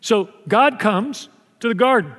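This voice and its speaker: An older man from Mexico preaching with a fairly high voice and lively delivery, acting out scenes as he goes. He sounds like he is in a large church hall with a long reverb tail. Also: unhurried. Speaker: pastor. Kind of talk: sermon.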